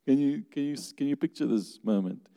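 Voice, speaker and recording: A man's voice: mid-range voice, vocal fry, warm tone. Man preaching in a reverberant hall. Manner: conversational, asks the congregation questions, laughs often. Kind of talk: sermon.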